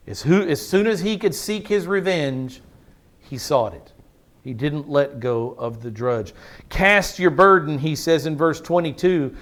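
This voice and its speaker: A man preaching a sermon as a pastor, slowing down to stress key phrases and asking rhetorical questions. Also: fairly high pitch. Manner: preaching with slow drawn-out emphasis and rhetorical questions.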